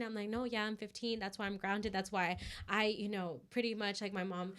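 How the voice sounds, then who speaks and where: A woman's voice: mid-range voice, fairly even intonation, brisk, few pauses, a bit bright. A woman telling a story on a podcast in a loose, chatty way. She fills her talk with "like" and "you know" and slips into the voices of the people in her story. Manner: filler-heavy, acts out quoted voices. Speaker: podcast co-host. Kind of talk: casual storytelling chat.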